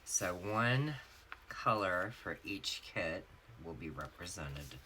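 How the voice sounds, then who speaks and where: A woman's voice: very deep voice, expressive, takes it slowly, bright, forceful tone, a little hiss or hum. A woman with a Southern US accent chatting casually to her viewers while setting up her planner and telling stories. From North Carolina, US. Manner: chatty storyteller, addresses viewers as y'all. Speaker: planner vlogger.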